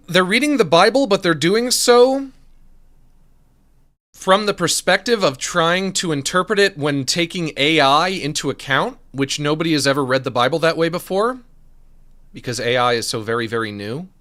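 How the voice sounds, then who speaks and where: A man streaming, reacting to a video with jokey, animated commentary, reading text aloud and sometimes talking with his mouth full. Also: fairly high pitch, a little fast.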